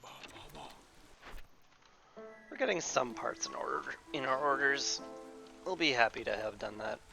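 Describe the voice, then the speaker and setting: A man with a lively, up-and-down voice narrates his own gameplay as a streamer, thinking aloud and fussing at the game in playful mock rants. His voice is heavily gravelly with fry, and faint music sits under it. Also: medium pitch, normal speed. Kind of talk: casual gameplay commentary.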